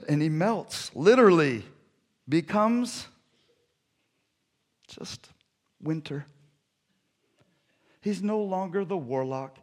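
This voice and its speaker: A male pastor delivering a sermon in a fairly high voice. He moves between lively, playful storytelling and soft, intimate appeals to his listeners. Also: takes it slowly, long pauses. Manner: animated storytelling that drops to soft, hushed appeals.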